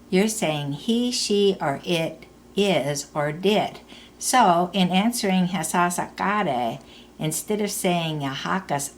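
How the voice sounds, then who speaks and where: A woman teaching a recorded language lesson, explaining slowly and repeating example phrases. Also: on the low side, a little hiss or hum.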